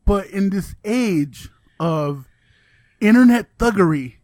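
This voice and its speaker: A man co-hosting a podcast, making his case in opinionated, expressive casual chat and swearing now and then. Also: high-pitched, slow, no room sound. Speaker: podcast co-host.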